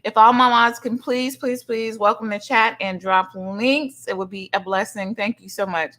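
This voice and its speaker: A middle-aged woman hosting a livestream in casual chat, effusively greeting each viewer with loud, high greetings and calling people honey and sugar. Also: fairly even intonation, normal speed. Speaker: livestream host. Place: son's home streaming setup.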